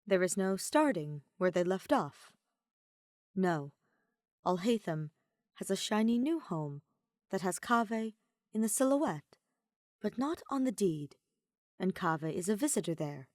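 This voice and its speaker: A woman narrating fan fiction as an audiobook, in a measured, reflective read. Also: mid-range voice, big pitch swings, darkish tone, dry recording, clean studio sound. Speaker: podfic reader.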